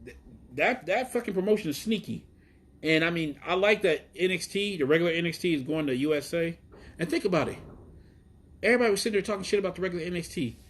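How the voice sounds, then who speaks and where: A man from Chicago hosting a casual live stream outdoors, talking in a profane, excitable, rambling way about wrestling. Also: high voice, fast. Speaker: wrestling show host. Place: outdoors in the heat.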